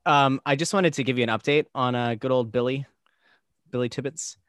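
A man's voice: medium pitch, fairly even intonation, brisk, fairly bright tone, no room sound. A man co-hosting a podcast who throws in playful, teasing remarks and reads out news items. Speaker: podcast co-host. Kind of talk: casual podcast chat.

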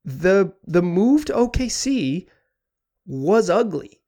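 A man delivers a sports talk podcast monologue in a voice pitched a little above the usual. He rambles in an animated way, stumbles over his words and restarts his sentences often. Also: takes it slowly. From Pacific Northwest. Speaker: podcast host.

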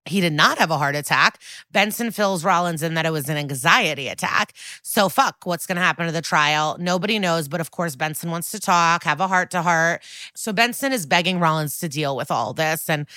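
Woman podcast host, casual recap, animated and foul-mouthed, lowish but bright, forceful delivery. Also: a little fast, no echo. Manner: animated, profane, gushing.

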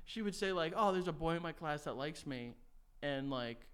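A young man co-hosting a casual podcast. His voice sits a bit high, and he rambles through old memories, laughing and swearing freely. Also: expressive, moderate pace, a bit bright, clear, resonant tone. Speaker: podcast co-host. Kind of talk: casual chat.

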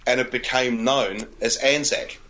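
Aussie guy explaining stuff, normal pitch. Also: fairly even intonation, unhurried, sharp tone, poor audio. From Australia. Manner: explaining, informative. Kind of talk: casual chat.

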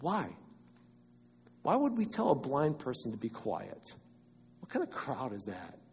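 A man preaching a sermon, swinging between loud emphatic cries and quiet, low asides. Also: wildly swooping pitch, unhurried, big-room sound, a little hiss or hum.

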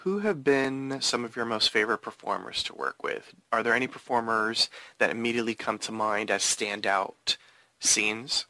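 A man's voice: fairly low pitch, normal speed, bright, forceful tone, dry recording. A man hosting an interview podcast, asking upbeat, playful questions. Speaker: podcast host.

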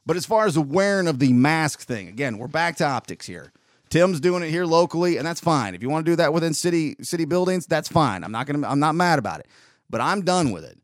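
A man's voice: on the high side, very animated, fast talker, no echo, clean studio sound. A man, rambling through an opinionated casual monologue as a podcast host. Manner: rambling, opinionated, with frequent restarts.

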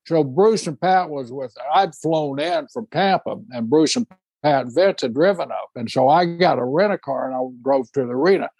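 A man in his sixties, co-hosting a casual chat and telling road stories in a folksy, drawn-out way. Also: on the high side, expressive, a little mellow, slightly rough, dry recording. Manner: folksy, drawn-out storytelling with laughs. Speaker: podcast co-host.

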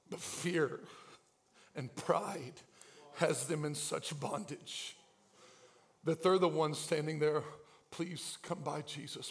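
A man preaching a sermon as pastor, acting out the scene and swinging from hushed asides to shouted cries. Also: on the high side. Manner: dramatic, acts out voices, swings from hushed to shouting.

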